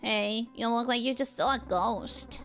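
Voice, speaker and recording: A woman voicing a chatty, friendly young woman in a game, speaking in a lower, softer voice than her own. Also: a little slow, faint music behind. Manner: low, soft, quiet delivery.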